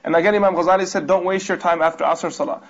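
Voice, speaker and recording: A man with a high, quick voice gives a religious lecture and comments on each passage read out to him. He keeps asking rhetorical questions and explains points patiently. The recording sounds dull and lo-fi. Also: steady tone. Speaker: religious teacher.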